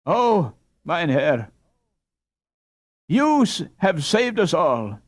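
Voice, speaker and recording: A man's voice: a little high, big pitch swings, very slow, voice pushed up, full character voice. A man voicing an emotional middle-aged Dutch mother crying out, beside herself with joy. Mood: overjoyed. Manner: cries out, breathless with joy.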